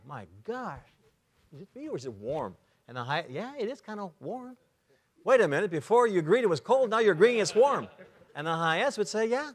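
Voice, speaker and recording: A man giving a lively talk at a men's conference, acting out short dialogues and sound effects as he explains. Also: fairly high pitch. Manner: animated, acts out little dialogues and sound effects. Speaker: conference speaker. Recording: long reverb of a large hall.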